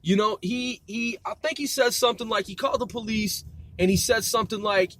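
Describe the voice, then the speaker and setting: Speaking fairly quickly in a high-pitched, slightly bright voice, a man in his forties rants casually while driving, swearing often and correcting himself as he goes. It's a mobile podcast recorded in a moving car, and the sound is dry.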